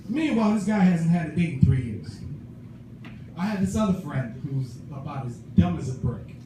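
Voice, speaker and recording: A man doing a stand-up comedy set at an open mic, telling animated stories and acting out his friends' voices. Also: a little high, moderate pace. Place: small comedy club stage. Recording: echoey room, far mic, noisy.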